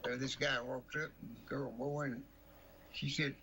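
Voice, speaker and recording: A man's voice: medium pitch, little pitch movement, unhurried, background noise. An older man, telling rambling folksy stories as a guest and chuckling through them. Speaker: guest storyteller.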